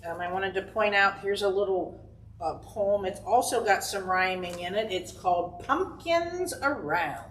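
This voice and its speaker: A woman who works as a children's librarian, reading rhymes aloud inside a library and pausing so the kids can guess the last word. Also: medium pitch, animated, a bit bright, a little hiss or hum. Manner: slow, encouraging, pauses for kids to guess rhymes. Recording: roomy sound from a distant camera.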